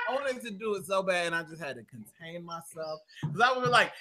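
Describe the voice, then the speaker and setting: Co-hosting a live radio talk show over a loud crowd, a man tells a profane comedic story at a fairly quick clip with hardly any pauses. His high voice has lively intonation, and he's loud as he acts out the quotes himself in shifting voices.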